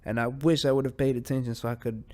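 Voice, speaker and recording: A man's voice: mid-range voice, steady tone, fast talker, dark tone. Profane rambling male podcast host. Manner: easily distracted, drifts off mid-sentence. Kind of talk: solo podcast chat.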